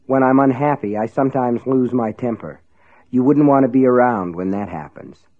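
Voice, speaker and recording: A sly shopkeeper with a shark's grin speaks in a smooth, quietly threatening way, as a man puts him on. The sound is thin and phone-like. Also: mid-range voice, moderate pace, lightly acted. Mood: menacing.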